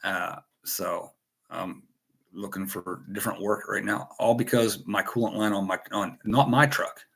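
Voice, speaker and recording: A man's voice: fairly low pitch, steady tone, unhurried, creaky, a bit bright, husky. An American man hosting a casual livestream chat, rambling and joking as he greets viewers by name. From United States. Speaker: host.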